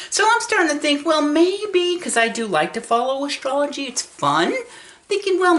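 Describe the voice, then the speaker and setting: A woman's voice: mid-range voice, fairly bright tone. A woman in her sixties telling a personal story in a chatty vlog, laughing often as she talks. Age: 60s. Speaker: vlogger.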